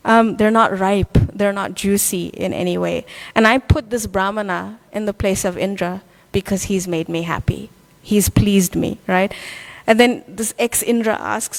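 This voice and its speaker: A woman teaching a devotional scripture class, telling a story in a lively way with many fillers. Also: medium pitch, measured pace, creaky. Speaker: class speaker.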